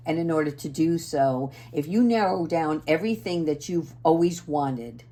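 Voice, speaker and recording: Woman doing a chill spiritual oracle card talk, kinda low voice, earnest, keeps saying right?. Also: animated, moderate pace. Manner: earnest, gentle, often asks "right?"; assertive. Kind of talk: casual spiritual talk to viewers.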